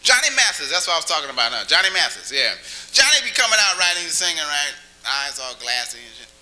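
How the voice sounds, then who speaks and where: Guy doing stand-up in a little cafe, high bright voice jumping all over, keeps ribbing the crowd. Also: sing-song, quick pace, low-quality recording. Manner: chatty, teasing the audience with questions; breaks into crooning song. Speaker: stand-up comedian. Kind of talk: stand-up comedy with crowd work. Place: small cafe stage with live audience.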